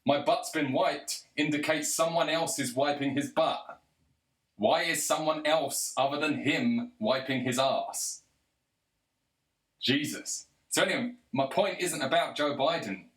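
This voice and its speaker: A man's voice: fairly high pitch, unhurried, a bit bright. A man delivering an angry, sarcastic, profanity-laden rant to the camera. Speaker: video commentator. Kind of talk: ranting monologue. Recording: roomy echo.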